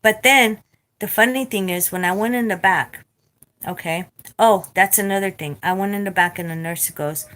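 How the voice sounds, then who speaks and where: A woman telling a story in a casual vlog rant, blunt and profane, animated as she retells it. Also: medium pitch, normal speed. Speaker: vlogger.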